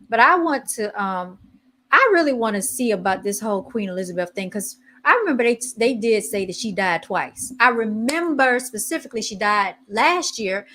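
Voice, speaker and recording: Chatty woman podcast host. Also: mid-range voice. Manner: chatty, animated, reads posts aloud while searching online. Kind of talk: casual chat.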